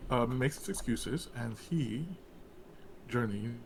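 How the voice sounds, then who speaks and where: Guy running a tabletop game, slow halting narration, bit of hiss. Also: mid-range voice, a little mellow, rough recording. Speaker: game master.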